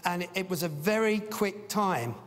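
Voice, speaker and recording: A high-voiced, middle-aged man addresses a business conference with obvious enthusiasm. He drops stories in between points and often stalls with "uh," all echoing through a large hall's long reverb.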